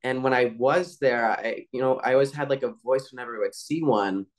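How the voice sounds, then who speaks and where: A man's voice: medium pitch, a little fast. Laid-back young man telling stories. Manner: laid-back, filler-heavy storytelling. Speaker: voice actor guest. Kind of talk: casual interview chat.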